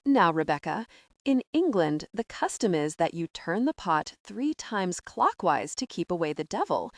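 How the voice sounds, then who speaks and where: A woman's voice: fairly low pitch, very animated, moderate pace, dry recording, clean studio sound. A woman reading the part of a poised, friendly American businesswoman who speaks in a gracious, polished way.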